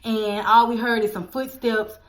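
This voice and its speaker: A young woman, casually telling a storytime vlog, animated and addressing viewers directly. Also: on the high side, a little slow, background noise. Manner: animated, acts out quoted voices, addresses viewers as y'all. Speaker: storytelling vlogger.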